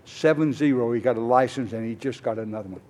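A man's voice: mid-range voice, fast talker, a little mellow, a little hiss or hum. An older man tells his own recovery story from a conference stage. His talk is folksy and wandering, thick with "uh"s. He slips into the voices of the people he talks about. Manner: rambling, folksy, many "uh"s, acts out both sides of conversations. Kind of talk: personal testimony storytelling. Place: conference hall.

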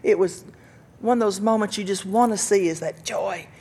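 A woman's voice: mid-range voice, normal speed, breathy edge. Older woman telling her life story. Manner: earnest storytelling, bursts of laughter and loud acted quotes. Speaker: speaker sharing recovery story. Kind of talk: personal testimony talk.

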